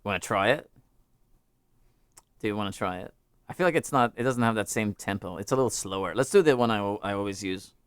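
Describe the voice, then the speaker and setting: A man's voice: on the low side, brisk, long pauses, fairly bright tone, a little hiss or hum. A man hosting a live music stream, chatting casually with viewers, rambling and joking as he interrupts himself. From United States.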